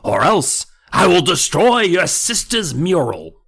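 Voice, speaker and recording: A man voicing an evil male ventriloquist dummy, taunting with a put-on gravelly New York rasp and cackling threats. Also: sits high, sing-song, slow pace, a bit bright, pitched above the performer's own voice, exaggerated voice. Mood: menacing. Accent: put-on gravelly New York or New England.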